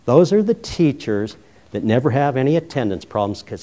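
A middle-aged man from Colorado gives a keynote speech on a roving handheld mic, his voice sitting at an ordinary pitch for a man. He tells funny stories, plays out both sides of each conversation, and then turns earnest when he talks about his years as a school principal. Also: normal speed. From Colorado, USA. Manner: humorous, animated storyteller who acts out dialogue. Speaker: keynote speaker, former high school principal. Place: conference hall.

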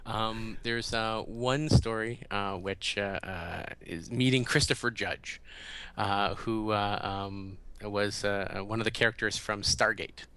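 A man as a podcast guest, telling stories in a halting, animated way and acting out quotes in a raised voice. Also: lowish voice, clean tone. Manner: halting, often restarts. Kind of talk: casual storytelling in an interview.

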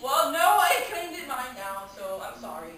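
A woman giving a playful mock review in a house, theatrical and swinging between hushed and loud. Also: high voice, big pitch swings, normal speed, echoey room, distant mic, slight background noise. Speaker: video reviewer. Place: a house, indoors.

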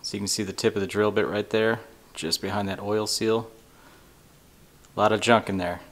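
Man, lowish voice, casual repair how-to, laid-back, dry sarcastic humor. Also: moderate pace. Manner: relaxed, dry sarcastic asides. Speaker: DIY motorcycle repair tutorial host.

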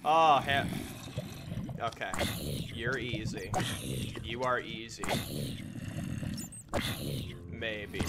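A man commenting on his own gameplay in a goofy way, talking to the animals and mobs and breaking into panicked yells. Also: mid-range voice, very slow, pauses often, background noise. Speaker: gaming channel host. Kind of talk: let's play commentary.

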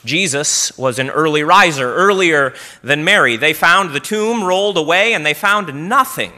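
A man's voice: a little high, expressive, normal speed, sharp tone. A male pastor preaching a storytelling sermon in church, often asking the congregation questions.

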